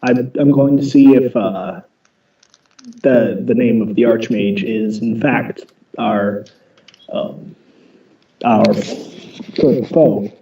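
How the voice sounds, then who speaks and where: A man's voice: lowish voice, slow, long pauses, distant mic, highs cut off. A man playing a tabletop game, speaking hesitantly and stammering as he plays his character. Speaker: player. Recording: roomy, from off mic.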